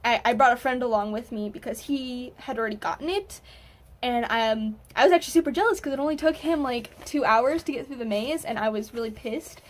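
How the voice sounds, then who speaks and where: A woman student recapping a game to her viewers in a casual, animated way, swearing now and then. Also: fairly high pitch, brisk. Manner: animated, excitable, swears freely. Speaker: gaming vlogger, student.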